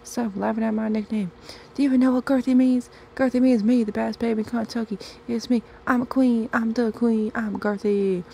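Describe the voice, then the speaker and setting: Woman voicing a loud, huffy country gal. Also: medium pitch, flat delivery, moderate pace, vocal fry, a little hiss or hum, close to an everyday voice. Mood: indignant. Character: brash lovesick country woman, indignant.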